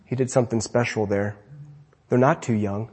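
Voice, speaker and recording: Husky man preaching with animated swings. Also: mid-range voice, normal speed. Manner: animated preaching, swinging between emphatic and hushed. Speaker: pastor. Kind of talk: sermon. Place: church sanctuary.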